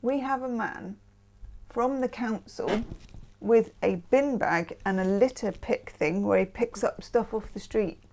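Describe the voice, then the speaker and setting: A woman's voice: fairly high pitch, unhurried, darkish tone, slight background noise. A woman from the UK hosting a casual tarot reading, chatting with self-mocking asides. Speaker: tarot reader.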